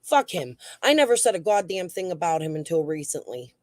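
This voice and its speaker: A woman's voice: fairly low pitch, very animated, fairly quick, dry recording. Blunt, foul-mouthed woman streamer. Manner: blunt, profane and heated. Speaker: true crime livestream host. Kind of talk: casual livestream commentary, reading chat.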